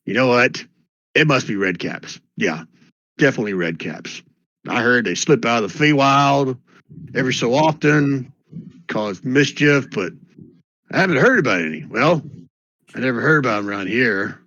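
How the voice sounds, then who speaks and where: A man voicing a rambling, gossipy old country man with an odd folksy drawl and excitable questions. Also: moderate pace, long pauses, no echo. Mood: gossipy, incredulous. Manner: excitable, questions shoot up in pitch. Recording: dull lo-fi dry mic.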